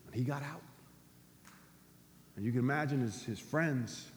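A man preaching a sermon as a pastor, swinging between loud cries and low, quiet lines. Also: unhurried, slight background noise. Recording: long hall reverb.

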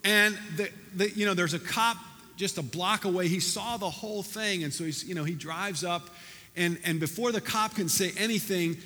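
High bright-voiced pastor in a reverberant hall. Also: male voice, normal speed. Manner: conversational and animated, with many restarts. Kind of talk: sermon. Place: church sanctuary.

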